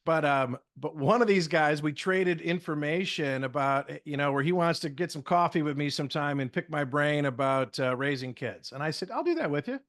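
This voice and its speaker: A middle-aged man telling lively stories in casual podcast chat, acting out the dialogue as a communication trainer. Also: fairly high pitch, moderate pace, hardly any pauses. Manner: lively, acts out dialogue in stories, many fillers. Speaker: guest speaker and communication trainer.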